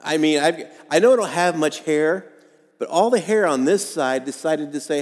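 A man's voice: fairly high pitch, normal speed. A man in his fifties preaching a sermon as pastor, telling homespun stories with self-deprecating humor in a conversational way. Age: 50s. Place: church sanctuary. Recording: long hall reverb.

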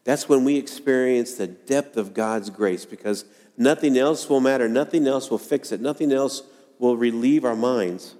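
A man preaching a sermon to a congregation, earnest and dramatic, acting out quoted lines with pauses. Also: medium pitch, mellow. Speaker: pastor. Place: church sanctuary. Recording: long hall reverb.

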